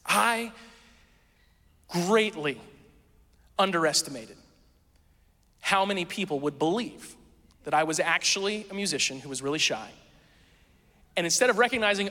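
A man preaching a sermon, telling a story in a casual, self-mocking and animated way. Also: sits high, moderate pace, pauses often, long reverb tail. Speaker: pastor.

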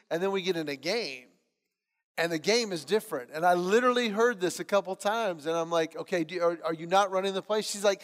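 A middle-aged man preaching a sermon, telling stories in an animated way and acting out the voices of others. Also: high voice, brisk. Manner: storytelling, animated, acts out voices in anecdotes. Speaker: pastor. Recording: long hall reverb.

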